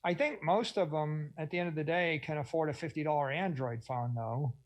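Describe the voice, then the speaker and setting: A man's voice: a little high, fairly quick, rough recording. Enthusiastic man on a conference panel. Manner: enthusiastic, expansive, acts out quoted voices. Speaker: panel speaker.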